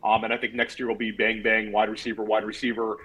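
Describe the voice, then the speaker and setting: Podcast host guy, husky voice, lots of ums, going around the panel. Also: on the low side, monotone, fast, fairly bright tone, low-quality recording. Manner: leads the panel with questions, many "um"s. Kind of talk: casual podcast discussion.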